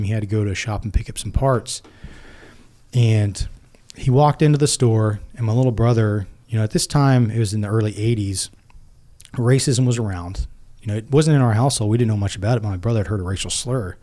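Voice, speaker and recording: Earnest, low-voiced man recounting memories. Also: dark tone. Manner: earnest and reflective, with many restarts and "like". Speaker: podcast guest, former Navy SEAL. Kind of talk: personal storytelling in conversation.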